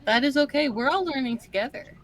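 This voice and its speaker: A woman's voice: sits high, lively intonation, fast talker. A woman playing a tabletop game, talking in a chatty, upbeat way. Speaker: player. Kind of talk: casual tabletop play.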